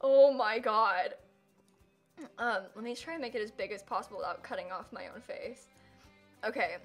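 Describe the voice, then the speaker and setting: A woman's voice: mid-range voice, normal speed, soft background music. A young woman streaming live and chatting casually, who keeps dissolving into giggles and helpless laughter.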